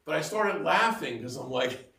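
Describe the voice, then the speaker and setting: A man's voice: on the high side, expressive, normal speed, vocal fry, bright, forceful tone. Middle-aged male homilist, loose and self-mocking, a little off-mic in a roomy church. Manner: chatty, self-mocking, full of asides and laughter. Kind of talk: conversational homily. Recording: roomy echo, mic heard from a distance.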